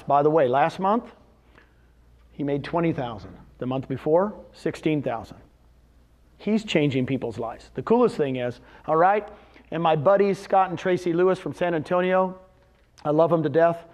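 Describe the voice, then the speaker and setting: Man, fairly high voice, live seminar talk, animated, asks the crowd questions, acts out quotes. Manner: animated, quizzes the audience with questions; retells conversations in quoted voices. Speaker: speaker presenting to real estate agents. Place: meeting room with a live audience.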